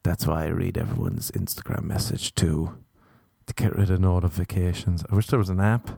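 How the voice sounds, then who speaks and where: Sweary young comedian with a low, dark voice. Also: male voice, fairly even intonation, a little fast, gravelly, breathy edge, no echo. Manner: sweary, laughing, rambling storyteller. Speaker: stand-up comedian. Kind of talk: casual rambling monologue.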